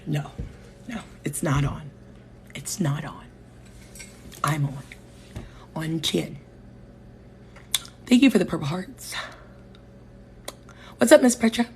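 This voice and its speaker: A woman with a Connecticut accent hosts a live stream on her phone. She is animated and opinionated, and her low, mellow voice comes through over a faint background hiss. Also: slow, long pauses. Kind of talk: casual live-stream talk.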